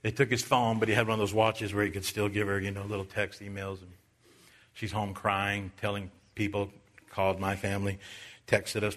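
A man who is a Baptist preacher, giving a sermon that swings from loud, high preaching to quiet storytelling. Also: little pitch movement, moderate pace. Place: church.

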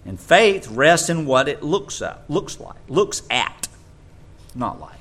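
A man preaching a sermon in an animated way, sometimes mocking others in a high voice. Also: takes it slowly, husky.

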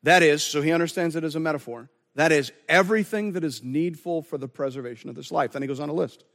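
A man's voice: a little high, fast, fairly bright tone. Guy pastor giving a sermon, chatty and earnest, stumbles and restarts a lot, big echoey hall. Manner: earnest, conversational preaching with repeated restarts.

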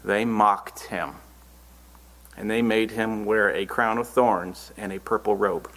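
A man's voice: fairly low pitch, steady tone, slow pace, fairly bright tone. A man preaching a Bible-teaching sermon, reading scripture verses aloud and then explaining them in earnest, plain words.

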